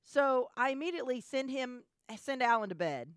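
Mom telling a story, lots of i-i restarts, bit high, dry room. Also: female voice, normal speed, smooth, dry recording. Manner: animated, stammering restarts, frequent laughter. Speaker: podcast co-host, mother. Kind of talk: casual storytelling chat.

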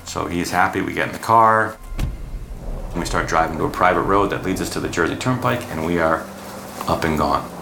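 A man's voice: low voice, a little fast, gravelly. A man vividly recounting a tense night drive as an interviewee. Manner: lively, vivid storytelling. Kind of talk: recounting story. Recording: roomy, music behind.

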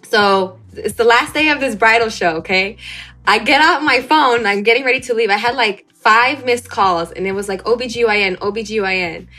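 A woman's voice: normal speed, faint music behind. A young woman, a guest in a casual interview, recounting a personal story and acting out the dialogue with big jumps in her voice. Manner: animated, acts out quoted dialogue with big pitch jumps.

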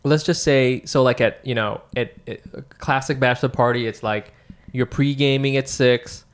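A man co-hosting a podcast in casual chat, relaxed and playful, swearing casually while telling stories. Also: medium pitch, moderate pace, clear, resonant tone. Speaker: podcast co-host.

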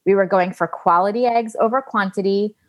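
Guest, woman, late 30s, candid storyteller who acts out the dialogue, mid-pitched. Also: brisk. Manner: animated, acts out quoted dialogue, swears casually.

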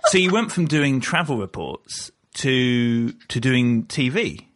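A man's voice: medium pitch, lively intonation, slow pace, a bit bright. A man hosting a casual interview who asks curious questions and teases his guest. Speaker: podcast host.

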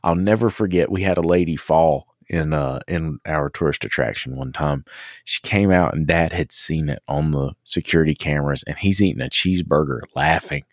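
A man's voice: rumbling low, normal speed, no echo, studio quality. A man hosting a podcast, telling rambling stories in casual conversation and laughing often.

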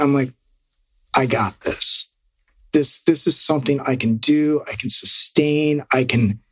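A middle-aged man with a husky, somewhat raised voice tells a casual story and keeps acting out his own past lines. The sound is dry and close. He rambles and restarts, but he stays lively. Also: on the high side, no echo. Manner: animated, rambling, quoting himself. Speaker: guest.

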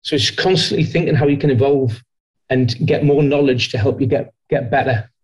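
A man's voice: medium pitch, fairly even intonation, brisk, low-quality recording. Rambling, self-reflective man on a podcast. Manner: rambling, self-reflective storytelling with many restarts; slips into quoted voices and an American impression. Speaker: guest sales leader. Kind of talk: podcast interview answer.

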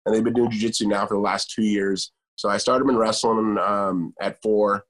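A middle-aged man from Southern California, telling a story about his children in a halting way, often repeating and restarting words. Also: lowish voice, steady tone. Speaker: guest, father of two. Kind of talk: storytelling in conversation.

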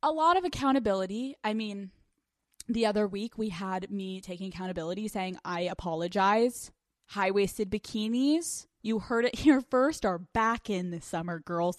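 A woman's voice: mid-range voice, dry recording. A young adult woman hosting a casual solo podcast, candid and crude, joking as she talks into a close mic. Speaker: podcast host.

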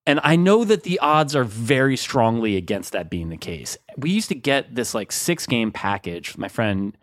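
Dude hosting a sports pod, rambly, says like a ton, mid pitch, dry close mic. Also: male voice, very animated, normal speed, no room sound. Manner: rambling, filler-heavy with lots of 'like'. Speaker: podcast host. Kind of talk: casual chat.

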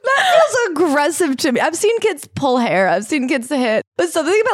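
A woman with a high voice co-hosts a podcast, trading sarcastic remarks and breaking into laughter between them. The recording is close and dry, with no room sound. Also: big pitch swings, a little fast, dry recording. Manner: sarcastic, laughs often, mimics quotes. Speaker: podcast co-host. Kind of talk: casual comedic book recap.

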